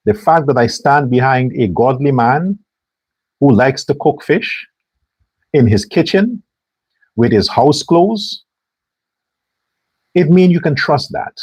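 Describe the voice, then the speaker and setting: A man's voice: medium pitch, animated, takes it slowly, long pauses, a little mellow, husky, no echo. A man hosting a political commentary show, delivering a sarcastic and preachy rant. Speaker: host.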